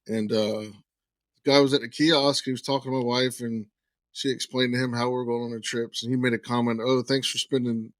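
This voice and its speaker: Man, storytelling, acts out quotes, mid pitch, dry sound. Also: brisk, no room sound. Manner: animated anecdote teller, acts out quoted lines. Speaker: podcast guest. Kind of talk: casual storytelling.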